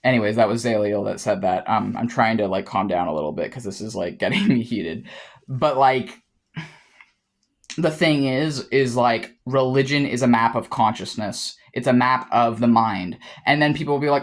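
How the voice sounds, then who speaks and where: A man's voice: mid-range voice, normal speed. Heated, profane young man ranting. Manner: heated, profane and rambling, with frequent restarts. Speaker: vlogger. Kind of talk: casual monologue to camera.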